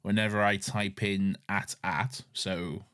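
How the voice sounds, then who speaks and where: A man co-hosting a TV rewatch podcast, chatting in animated, laughing, sweary banter. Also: low-pitched, slow pace, clean tone, no echo, clean studio sound. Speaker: podcast co-host. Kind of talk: casual chat.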